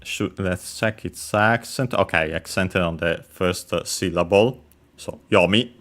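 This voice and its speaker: A man's voice: low voice, a little slow, a bit bright. A man explaining Japanese vocabulary while playing a game, methodical and hesitant, with many filler sounds. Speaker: language teacher.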